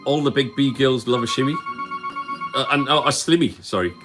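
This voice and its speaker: A man's voice: mid-range voice, a little fast. A man hosting a casual guitar shop livestream, reading out viewer comments in an easygoing way.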